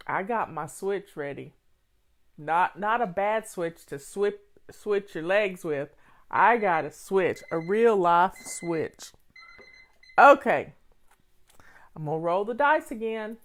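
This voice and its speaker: An older woman from Tennessee with a Southern accent, a home organizing host chatting casually and telling stories in a folksy way. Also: on the low side. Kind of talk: casual chat.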